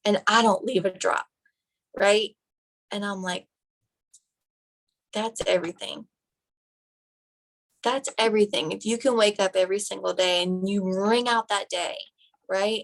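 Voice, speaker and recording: A young woman giving an animated, direct motivational talk to her team on a live phone video. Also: mid-range voice, poor audio. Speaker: team leader and nurse.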